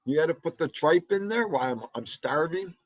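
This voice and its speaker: A man's voice: fairly high pitch, lively intonation, brisk, dry recording, lo-fi sound. A man with a New York accent hosting a live podcast, chatting casually with viewers and calling out their names. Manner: chatty, shouts out viewers by name, jokey. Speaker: live podcast host reading chat. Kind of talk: casual livestream chat.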